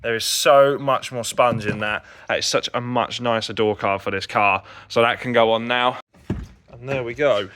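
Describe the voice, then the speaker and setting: Bright-voiced man, casual car vlogger who talks you through each job. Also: mid-range voice, fairly even intonation, moderate pace. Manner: chatty, explains as he works. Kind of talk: casual how-to vlog.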